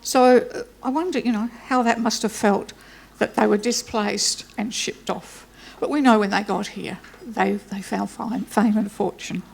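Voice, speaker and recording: Gravelly woman telling a story. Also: mid-range voice, a little slow. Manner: chatty, self-deprecating storyteller. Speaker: speaker introducing a guest lecturer. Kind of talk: informal anecdotal welcome speech.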